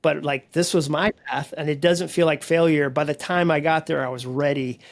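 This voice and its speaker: A man with a slightly higher-than-average voice talks as a podcast guest. He tells stories animatedly, full of quick asides and self-deprecating jokes. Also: steady tone, creaky. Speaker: guest speaker and author. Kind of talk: conversational podcast interview.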